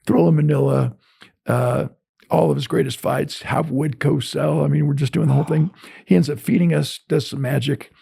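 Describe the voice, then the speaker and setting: An older man, a guest motivational speaker, telling animated stories in an interview and acting out the dialogue. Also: on the high side, moderate pace, gravelly, breathy edge. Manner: animated storyteller, acts out dialogue. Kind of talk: storytelling in an interview.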